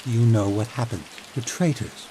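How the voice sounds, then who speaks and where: A man voicing a cunning, cold chancellor who speaks smoothly with dark amusement and menace, over steady rain. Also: medium pitch, normal speed, close to an everyday voice. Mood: menacing. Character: cunning, cold middle-aged male chancellor. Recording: steady rain noise behind voice.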